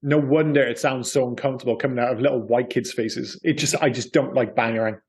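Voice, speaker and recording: A man's voice: medium pitch, fairly even intonation, quick pace, a little mellow. A man co-hosting a film podcast, joking, swearing and laughing often in casual chat. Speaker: podcast co-host.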